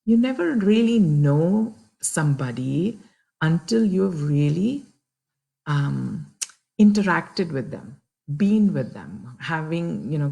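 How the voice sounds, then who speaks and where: A woman's voice: sits low, creaky, warm tone, slightly rough. A woman telling a children's story and its moral, chatty and addressing listeners directly.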